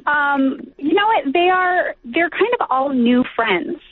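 A woman's voice: sits high, animated, slow, dry recording. A woman guest actress chatting casually in an interview, giggly and talkative. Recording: tinny phone line.

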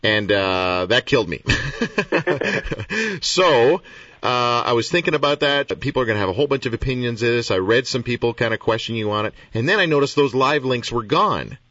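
A man hosting a radio interview, chatty and self-deprecating, talking in quick bursts. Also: mid-range voice, animated, fairly bright tone, dry recording. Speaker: radio host. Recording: dull, distant from the mic.

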